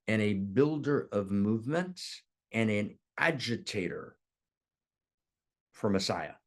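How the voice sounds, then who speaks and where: A man's voice: on the low side, vocal fry, darkish tone. A man, a spiritual teacher, telling a teaching story in a digressive way and often checking in with "right?".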